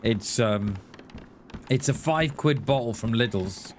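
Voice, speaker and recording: Slow-talking man streaming a game. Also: medium pitch, a little hiss or hum. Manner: rambling, chatty, quick to laugh at himself. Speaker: gaming streamer. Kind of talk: casual live-stream chat while gaming.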